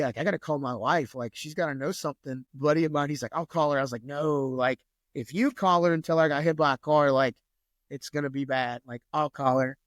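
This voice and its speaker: A man's voice: on the high side, no echo, clean studio sound. A man, a podcast guest telling a story in loose casual talk full of swearing and fillers. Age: 30s. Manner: loose, profane, lots of "like".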